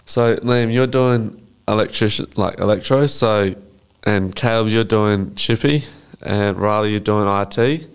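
Smooth-voiced teen joke-teller. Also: male voice, lowish voice, unhurried. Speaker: student podcast co-host. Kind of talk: casual student podcast.

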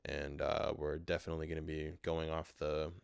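Man, very deep monotone voice, smooth, frustrated rambling, swearing, low energy, casual podcast host. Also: moderate pace, no echo, studio quality. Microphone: handheld portable recorder.

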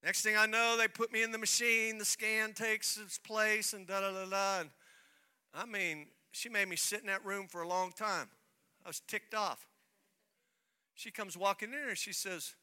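A man preaching a sermon as pastor, telling a personal story in an animated way and acting out the dialogue. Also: sits high, measured pace, clean tone.

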